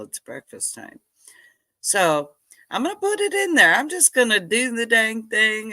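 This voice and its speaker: A woman's voice: low voice, sharp tone, dry recording. A woman hosting a casual livestream chat, chatty and effusive, greeting viewers one by one. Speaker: livestream host. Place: home.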